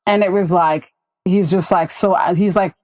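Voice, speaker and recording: A woman's voice: on the low side, normal speed, poor audio. A woman hosting a podcast, telling stories in casual chat and acting out the quoted voices. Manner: animated storyteller acting out quotes. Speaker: podcast host.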